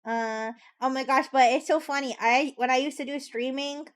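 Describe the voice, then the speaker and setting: A young woman chatting casually on a live stream as a VTuber, teasing her chat and laughing between quick asides. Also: sits high, fairly even intonation, clear, resonant tone.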